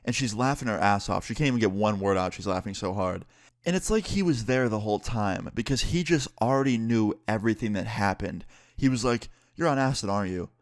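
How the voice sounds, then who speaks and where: A young man and YouTuber telling a story in an animated, profane, excitable way. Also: lowish voice, a little fast, no echo, studio quality. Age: young adult. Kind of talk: storytime vlog.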